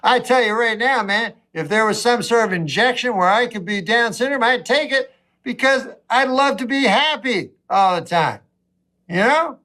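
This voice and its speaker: A man with a noticeably high voice works through a stand-up set. His delivery rambles and wanders, full of long pauses and restarts as he circles around each thought. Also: lively intonation, pushed and bright. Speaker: stand-up comedian.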